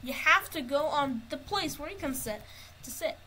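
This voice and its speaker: A woman's voice: sits high, lively intonation, normal speed, sharp tone, slight background noise, rough recording. A woman giving casual gameplay commentary, narrating what she finds as she explores. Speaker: gamer.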